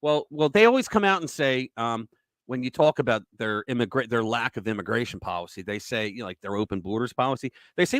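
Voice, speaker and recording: A man ranting on his own political talk show, his voice swinging widely between high outbursts and low mutters. He swears often and mocks the people he talks about. The sound is close and dry, with no room behind it. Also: sing-song, moderate pace, a bit bright, no echo. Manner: profane, ranting, mocking impressions. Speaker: podcast host. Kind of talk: political commentary rant.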